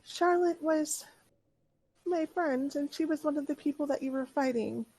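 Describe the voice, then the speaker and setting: A woman voicing an excitable little girl who is out of breath with excitement in a tabletop game. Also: high-pitched, normal speed, voice pushed up, rough recording. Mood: excited. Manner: eager, breathless, questioning.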